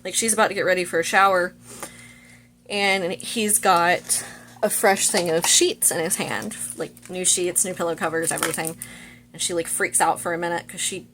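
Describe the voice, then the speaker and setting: A woman's voice: on the low side, steady tone, normal speed, fairly bright tone, a little hiss or hum. Chatty young woman recapping a movie. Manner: chatty, full of "like". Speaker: vlogger.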